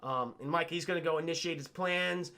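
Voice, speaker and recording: A high-pitched man talks to his livestream chat, retelling a film scene by scene. His voice is bright and forceful, and he rambles in a profane, animated way with quick asides to his viewers. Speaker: streamer reviewing a film with chat.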